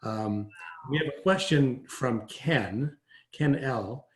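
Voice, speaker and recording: A man's voice: medium pitch, slow. Guy hosting an interview, chatty, mid voice, echoey room. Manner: conversational, reads listener questions. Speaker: host. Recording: roomy echo.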